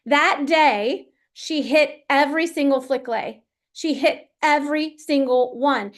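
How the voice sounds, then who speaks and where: Speaking at normal speed in a voice that sits high, a female performance coach shares an animated, chatty story during a live Q&A.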